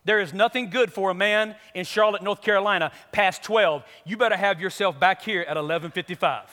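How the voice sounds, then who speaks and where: A man's voice: high-pitched, brisk, bright, forceful tone, pitched below the performer's own voice. A male preacher voicing his wife as a firm, stern woman who lays down the rules. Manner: firm, warning. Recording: long reverb of a large hall.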